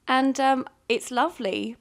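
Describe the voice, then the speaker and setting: A young woman with a British accent talks through viewer questions in a loose, candid way, often breaking into laughter. Her voice sits a little on the high side, and she pokes fun at herself between plenty of ums and uhs. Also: fairly even intonation, measured pace. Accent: British English. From United Kingdom. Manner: candid, self-deprecating, laughs often, many fillers. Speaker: YouTuber answering viewer questions. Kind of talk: casual Q&A chat.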